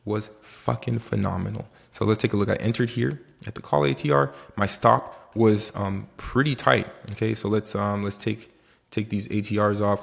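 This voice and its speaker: A man with a Haitian accent casually recapping his options trades in a rambling, animated way, quoting himself and swearing now and then. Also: fairly low pitch, creaky. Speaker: options day trader vlogger. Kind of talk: casual trading recap vlog.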